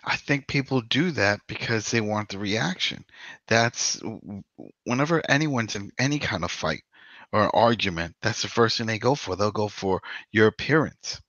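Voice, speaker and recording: A man's voice: lowish voice, moderate pace, dry recording. Man rambling on a lo-fi podcast. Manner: rambling, animated, frequent "you know". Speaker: podcast co-host. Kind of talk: casual discussion. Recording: dull lo-fi dry sound.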